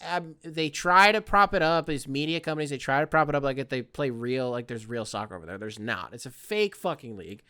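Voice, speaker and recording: A man hosting a podcast, rambling in casual solo commentary with lots of swearing and excitable outbursts. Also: medium pitch, brisk, few pauses, clear, resonant tone. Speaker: podcast host.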